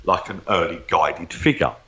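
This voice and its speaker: A man's voice: deep voice, normal speed, a bit bright, lo-fi sound. A man, a psychic medium, telling stories from his life in an interview, rambling and repeating words as he goes. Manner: rambling, repeats words, acts out remembered dialogue. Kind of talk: interview storytelling.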